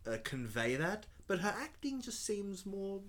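A man's voice: high-pitched, big pitch swings, measured pace, fairly bright tone. Wry man. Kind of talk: casual film discussion.

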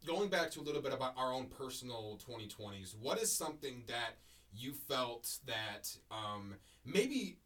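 A man in his twenties co-hosting a podcast in casual chat. His voice carries loudly, and he often stammers and repeats words. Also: mid-range voice, sing-song, normal speed, distant mic. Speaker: podcast co-host.

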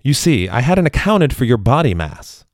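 A man's voice: medium pitch, big pitch swings, moderate pace, no room sound, studio quality, pitched above the performer's own voice. A man voicing a proud, grandiose male stage magician in a spoken story. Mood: apologetic. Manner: grandiose, self-congratulating, apologetic when explaining.

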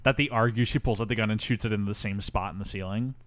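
A man co-hosting a podcast, recapping a movie in casual, deadpan chat with mocking asides. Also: on the low side, fast talker. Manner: wry, deadpan, does mocking impressions. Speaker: podcast co-host.

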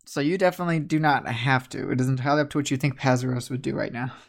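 A man's voice: medium pitch, very fast, creaky. Male game master on a voice call, easygoing, reads rules aloud, mid-range voice. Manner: relaxed, laughs easily, reads rules aloud. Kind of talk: narrating a tabletop game.

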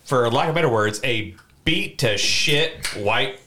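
Casual male podcast co-host, lively up-and-down delivery, sharp bright tone, rambling and profane. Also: medium pitch, unhurried. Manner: rambling, animated, swears freely. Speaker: podcast co-host telling a story. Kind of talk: casual storytelling chat.

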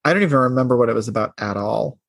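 A man's voice: medium pitch, very fast, vocal fry, fairly bright tone, dry recording, studio quality. A man co-hosting a podcast, chatting casually about a film and laughing easily. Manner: chatty, giggly, reads a film speech aloud in a mock-solemn tone. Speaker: podcast co-host.

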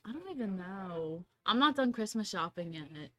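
A woman co-hosting a casual chat, speaking in an unhurried, easily amused way. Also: medium pitch, lively intonation, a bit bright. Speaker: podcast co-host.

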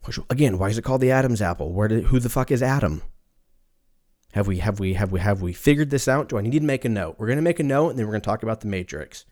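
A man's voice: fairly low pitch, animated, quick pace, darkish tone. A man hosting a casual solo podcast, rambling off on tangents, swearing freely and laughing at his own jokes. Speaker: podcast host.

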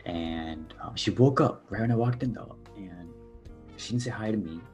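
Deep-voiced young man, earnest and hesitant. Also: moderate pace, a little mellow, faint music behind. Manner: earnest, hesitant, many fillers. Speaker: podcast guest. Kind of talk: personal storytelling on a podcast.

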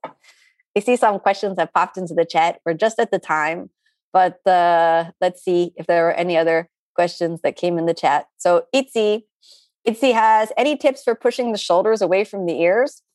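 Middle-aged woman, yoga teacher, chatty and animated Q&A delivery, dry close sound. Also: lowish voice, moderate pace, no room sound. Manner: chatty, animated, with playful asides. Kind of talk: live online class Q&A.

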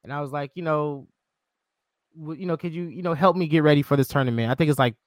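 A man hosting a podcast in a relaxed, chatty way, dropping plenty of fillers as he tells a story. His voice is a little higher than average, and the sound is dry and close. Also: fast talker, no room sound. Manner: relaxed, many "you know" fillers, quotes himself. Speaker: podcast host. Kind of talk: casual chat.

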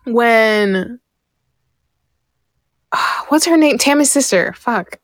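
A woman co-hosting a casual chat show, animated, swearing and laughing often. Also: on the high side, extremely slow, dry recording, studio quality. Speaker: podcast co-host.

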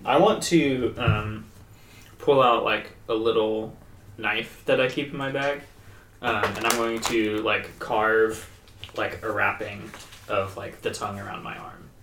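Low-voiced man at the game table. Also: unhurried, recorded from a distance. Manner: relaxed, hesitant, filler-laden. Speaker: player. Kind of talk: casual tabletop game talk. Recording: echoey room, off-mic, audible hiss.

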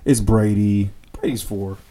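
Un hombre que charla de forma relajada y bromista en una conversación casual, a veces con suspiros. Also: male voice, lowish voice, fairly even intonation, measured pace, warm tone. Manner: jokey, laid-back, trails off with sighs. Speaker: podcast co-host. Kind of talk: casual chat.

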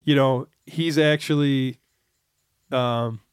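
A man with a smooth, clear voice at a middle pitch, chatting on a movie podcast and slipping in quick jokes. The sound is dry and close. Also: fairly even intonation, no echo. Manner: quick jokey interjections. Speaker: podcast co-host. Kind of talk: casual movie podcast chat.

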